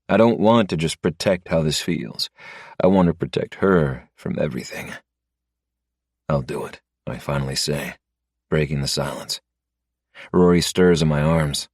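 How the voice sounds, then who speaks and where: Man, very low voice, steady storytelling, dry close recording. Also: no room sound. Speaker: narrator. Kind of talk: scripted narration.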